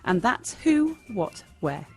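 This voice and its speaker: A woman teaching improv comedy in a bright, demonstrative instructional narration. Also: mid-range voice, big pitch swings, takes it slowly, gravelly, faint music behind. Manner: bright, demonstrative, sing-song.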